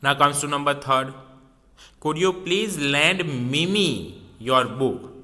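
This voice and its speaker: A man's voice: a little high, animated, slow pace, sharp tone. A man teaching a grammar lesson, repeating key words and asking and answering his own questions. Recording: long reverb in a hall.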